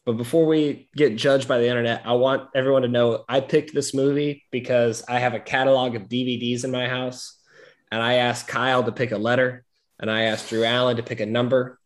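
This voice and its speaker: A man's voice: medium pitch, flat delivery, a little fast. A young man hosting a casual movie discussion, chatty and rambling as he leads the talk. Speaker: podcast host. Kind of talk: casual chat.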